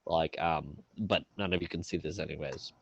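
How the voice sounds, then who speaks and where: A man's voice: a bass voice, moderate pace, gravelly, breathy edge. A man playing a tabletop game, describing his character's actions casually with many fillers. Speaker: player.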